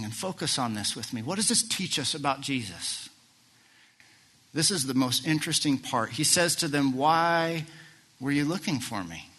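A middle-aged man preaching a sermon as pastor, animated and full of rhetorical questions. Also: medium pitch, breathy edge. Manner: animated, asks rhetorical questions, acts out quoted lines.

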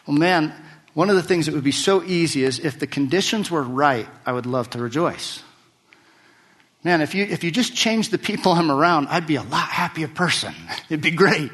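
A man preaching to his church congregation in a fairly high voice. He talks conversationally, stumbling over and repeating words as he restarts his phrases. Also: fairly bright tone. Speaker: pastor. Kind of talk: sermon.

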